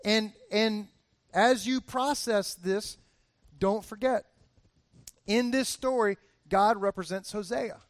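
A man's voice: high voice, takes it slowly, long pauses, no room sound. A man in his forties preaching a casual, conversational sermon that rises into emphatic bursts. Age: 40s. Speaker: pastor.

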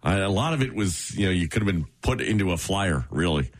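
A man's voice: low-pitched, animated, fairly quick. A man co-hosting a radio show, talking in an easygoing, hesitant way and laughing often. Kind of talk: casual radio banter.

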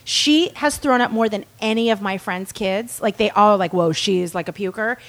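A woman's voice: mid-range voice, moderate pace. A woman and parent chatting casually, telling stories and acting out her own reactions. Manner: animated storytelling, acts out her own reactions. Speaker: podcast guest, parent. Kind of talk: casual chat.

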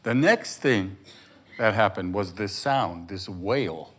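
Halting, effusive older man on stage. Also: on the low side, animated, slightly rough. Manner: effusive, halting, many restarts. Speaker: actor in a stage conversation. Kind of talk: conversational chat. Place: stage before a live audience.

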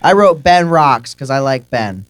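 A man's voice: medium pitch, lively intonation, a little slow, dry recording. A man co-hosting a podcast in casual chat, joking goofily and reading out his notes. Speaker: podcast co-host.

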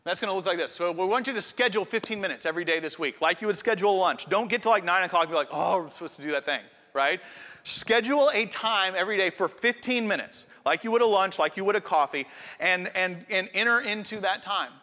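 A man's voice: high voice, fast talker, sharp tone. A middle-aged man preaching a sermon in a conversational, earnest way, speaking directly to his congregation. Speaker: pastor. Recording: long hall reverb.

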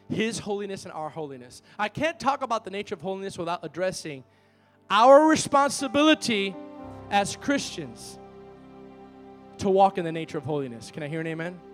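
Man, pastor, high voice, emphatic sermon, call-and-response with the congregation, church, faint music behind. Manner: emphatic call-and-response preaching with lively storytelling. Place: church with a worship team.

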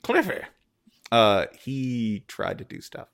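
A man co-hosting a casual sports podcast, joking and animated, his voice jumping up when excited. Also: fairly high pitch, moderate pace. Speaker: podcast co-host.

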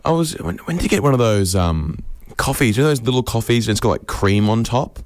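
A man giving a rambling comedic monologue with absurd deadpan claims, acting out quoted voices along the way. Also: lowish voice, brisk, slight background noise.

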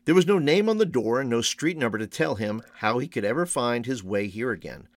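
A man reading a Christmas storybook aloud, slow and expressive, like a storyteller. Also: mid-range voice, no echo. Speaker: storybook reader.

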